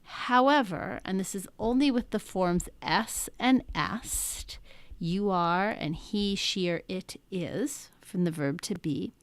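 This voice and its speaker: A woman's voice: medium pitch, slow pace, no echo. A woman teaching a lesson, talking methodically through each step. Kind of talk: classroom lecture.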